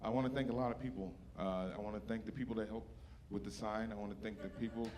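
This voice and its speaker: This man's voice sits on the low side, with a steady tone and a fast delivery. On stage at a comedy club, he curses freely and fights tears as he talks about his mother, profane and emotional and close to crying. The live recording picks up the crowd.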